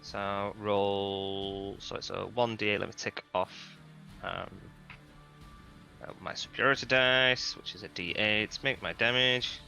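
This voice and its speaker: A man's voice: fairly low pitch, fairly even intonation, unhurried, vocal fry, pushed and bright, soft background music. A man playing a tabletop game, reading rules aloud and checking his moves as he goes. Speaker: player. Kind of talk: casual tabletop game play.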